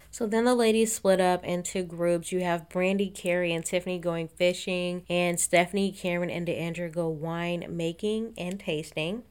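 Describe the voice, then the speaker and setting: A woman's voice: fairly low pitch, darkish tone, clear, resonant tone. A woman giving a casual, blunt and sarcastic recap of a TV episode, swearing and laughing often. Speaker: reality TV recap host.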